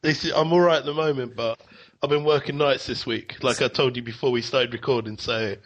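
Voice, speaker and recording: A man's voice: mid-range voice, steady tone, brisk. A man who is tired from working night shifts, chatting in a laid-back, friendly way as a podcast guest. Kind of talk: casual podcast chat. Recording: dull lo-fi line.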